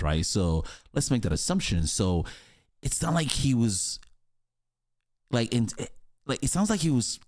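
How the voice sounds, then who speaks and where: A man's voice: fairly low pitch, darkish tone. A man commenting on a story, thinking aloud with many fillers and questions. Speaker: reaction commentator.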